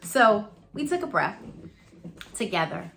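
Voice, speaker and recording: Woman chatting earnestly about parenting, loose repeating phrases, mid pitch. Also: big pitch swings, unhurried, gravelly, a bit bright. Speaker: mother sharing parenting advice. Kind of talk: casual advice monologue.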